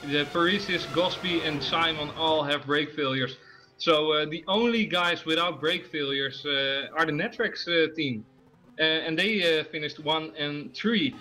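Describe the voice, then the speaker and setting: Hesitant high-voiced male co-commentator. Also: measured pace, pushed and bright, poor audio. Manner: hesitant, many fillers and restarts, laughs easily. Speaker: sim racing co-commentator. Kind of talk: live race commentary.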